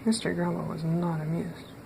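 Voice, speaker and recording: Children's story reader: a woman, expressive and playful, gravelly touch, noisy home take. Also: on the low side, normal speed. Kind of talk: children's read-aloud narration.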